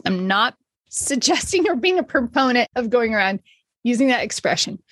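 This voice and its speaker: A woman's voice: mid-range voice, no room sound. A woman hosting a podcast, telling a motivational story in an earnest, upbeat way and laughing often. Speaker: podcast host.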